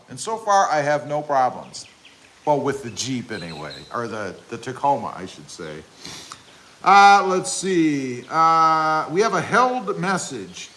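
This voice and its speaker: A man's voice: a little high, very animated, unhurried, bright, forceful tone. A man hosting a casual livestream outdoors, reading chat comments aloud in a rambling, joking way with lots of fillers. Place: outdoors by his truck.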